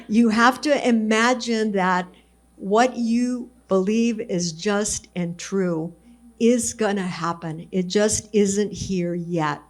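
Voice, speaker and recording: A woman's voice: mid-range voice, darkish tone. Woman, 70s, from Texas. Earnest, encouraging storyteller at a fireside chat. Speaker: alumna guest speaker.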